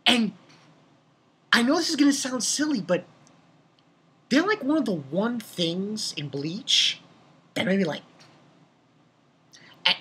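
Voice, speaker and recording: A young man casually reviewing a comic chapter, rambling and excitable, swearing freely and laughing at his own jokes. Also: high voice, slow pace, pauses often, slightly rough. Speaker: manga reviewer.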